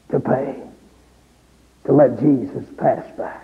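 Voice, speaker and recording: A male preacher telling a story in a sermon, his voice rising into crying shouts at emotional peaks. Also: fairly high pitch, measured pace, vocal fry, husky. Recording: tinny phone-like audio in a reverberant hall.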